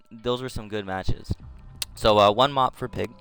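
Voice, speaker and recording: A male streamer giving casual live commentary on replays, slangy and excitable, jumping to shouts at tense moments. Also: lowish voice, takes it slowly, vocal fry, smooth. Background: music.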